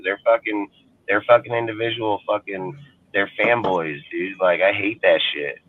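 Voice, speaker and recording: A man with a somewhat low voice launches into an angry, profane rant as he hosts a sports fan show. His delivery is crude and scornful. The sound is thin and tinny, as if it came through a phone line. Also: normal speed, no room sound. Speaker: sports podcast host.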